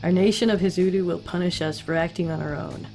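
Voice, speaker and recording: A polite, anxious noblewoman envoy speaks softly, voiced by a woman reading her lines. The tone is low and restrained. Faint guitar music sits behind the voice. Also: steady tone, fast, gravelly. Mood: earnest.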